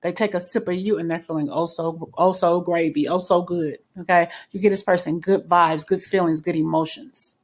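A woman's voice: lowish voice, steady tone, moderate pace, hardly any pauses. A woman giving a casual spoken tarot reading in a chatty, reassuring way, with frequent fillers and restarts. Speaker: tarot reader.

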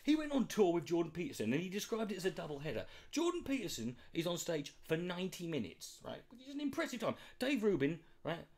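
A man's voice: high voice, sing-song, fast talker, hardly any pauses, a little mellow. A man ranting sarcastically and mocking the clips he reacts to. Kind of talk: sweary comedic rant.

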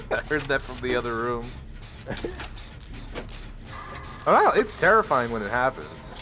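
A man's voice: medium pitch, big pitch swings, moderate pace. A man streaming a horror game, chatting casually and joking around with silly made-up names. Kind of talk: casual gaming chat.

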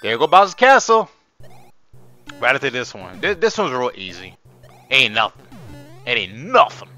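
Young man, gameplay commentary, excitable and chatty, bright forceful tone, bouncy pitch, slightly hoarse, faint game music behind. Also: moderate pace. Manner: excitable, chatty, talks to viewers as y'all, swears. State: hoarse from screaming. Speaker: gaming channel host.

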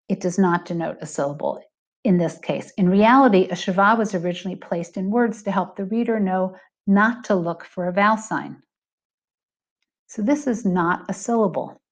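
Woman, middle-aged, teacher narrating a lesson; patient, clear, mid pitch. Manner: clear, patient explaining with slow stressed examples. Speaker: Hebrew teacher.

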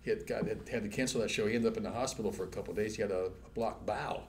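A man, a rock musician guest, talking in a rambling, animated way with many restarts and casual swearing. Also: on the low side, rapid-fire, slight background noise. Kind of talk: casual interview chat.

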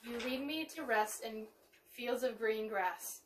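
Woman reading a psalm from afar. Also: fairly high pitch. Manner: measured reading with cued responses. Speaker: psalm reader. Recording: distant mic with faint noise.

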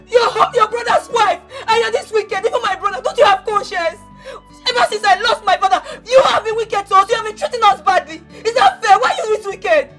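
An actress with a Nigerian accent playing a desperate young woman who pleads tearfully with her uncle and breaks into shouting. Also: very high voice, fairly quick, faint music behind. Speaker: desperate daughter. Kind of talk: Nollywood film drama.

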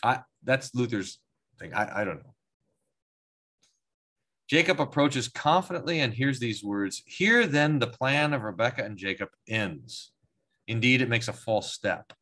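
A male pastor teaching a Bible class, reading passages aloud, then commenting in a lively, conversational way that sometimes acts out the quoted speakers. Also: medium pitch, a little slow. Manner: animated, acts out quoted lines with voices, chuckles; restarts and repeats words while thinking aloud.

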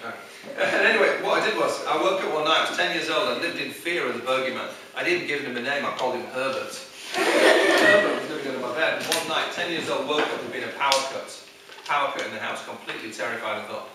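A man's voice: mid-range voice, fast talker. A man telling a funny childhood story to pupils, laughing and acting out the scenes as he goes. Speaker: visiting author. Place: school hall. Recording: echoey hall from far off, loud noise.

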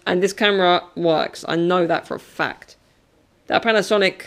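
A man's voice: high-pitched, steady tone, moderate pace, fairly bright tone, clear, resonant tone. A young man from England chatting casually and jokingly to a handheld camera at home. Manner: joking, playful, makes sound effects. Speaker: vlogger. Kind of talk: casual vlog chat. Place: home, indoors.

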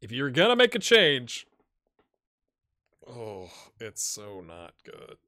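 A man casually commentating his own football video game, excitable and wry, jumping from loud cheering to quiet muttering. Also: mid-range voice, slow, no room sound, studio quality. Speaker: gaming channel host.

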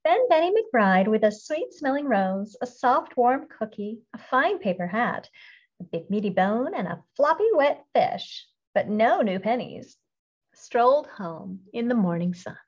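A woman reading a children's picture book aloud in a singsong, expressive storytelling manner. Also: on the high side, a little slow. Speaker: storybook reader. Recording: dull lo-fi recording.

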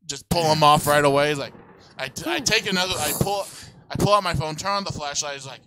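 A man's voice: fairly high pitch, fast, a crowd in the background. A man hosting a casual podcast, telling stories with loose, casual swearing. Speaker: podcast host.

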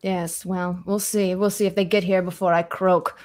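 A woman's voice: lowish voice, little pitch movement, moderate pace, a little mellow, lightly acted. A woman voicing a bedridden old grandmother who fusses, grumbles and demands a stiff drink. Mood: grumbling. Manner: grumbling, demanding, morbid jokes.

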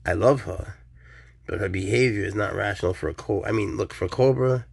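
A man filming a casual vlog at home with his pets, muttering asides and breaking into excited baby talk with his cat. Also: lowish voice, a little fast, creaky, breathy edge. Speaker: pet vlogger. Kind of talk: casual handheld vlog narration.

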